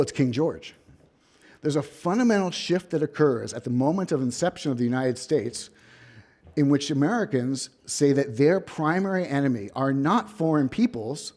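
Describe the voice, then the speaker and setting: Guy professor giving a lecture in a hall, warm mellow voice, storyteller vibe w dry little jokes. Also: medium pitch. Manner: wry asides, storytelling emphasis. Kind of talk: academic lecture.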